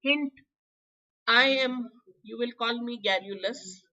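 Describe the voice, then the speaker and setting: Hoarse Indian woman teaching vocab. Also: a little high, takes it slowly, pushed and bright, muffled recording. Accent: Indian English. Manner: chatty, quizzing students by name, coughing. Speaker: exam prep teacher. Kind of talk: live online vocabulary class.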